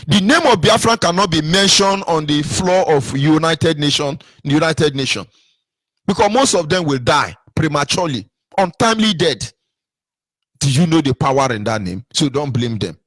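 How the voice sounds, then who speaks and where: A Nigerian-accented man holds forth in a fervent, sermon-like political monologue, his voice sitting fairly high. He hammers his points with rhetorical questions and repetition. The sound is close and dry, with no room around it. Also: fairly bright tone, slightly rough, no echo. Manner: preachy, emphatic, full of rhetorical questions and repetition. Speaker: political commentator.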